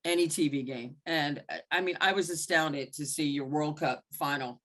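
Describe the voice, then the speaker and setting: A woman basketball referee telling frank stories in a mentoring talk, acting out the exchanges she recalls. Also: moderate pace. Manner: animated, acts out quoted exchanges with big pitch jumps; blunt and frank, with occasional mild swearing. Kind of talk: candid storytelling in a mentoring talk.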